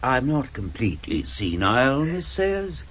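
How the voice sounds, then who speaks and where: An actor in a radio drama playing a gallant, fussy elderly English gentleman with a husky voice. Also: medium pitch, big pitch swings, unhurried, highs cut off, heavily acted. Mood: dry. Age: older. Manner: courteous, dry and fussy.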